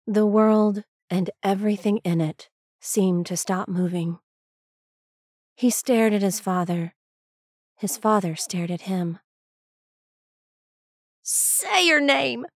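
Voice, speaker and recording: A woman reading a story aloud as scripted narration, slow and even. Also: mid-range voice, no echo, clean studio sound. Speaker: reader.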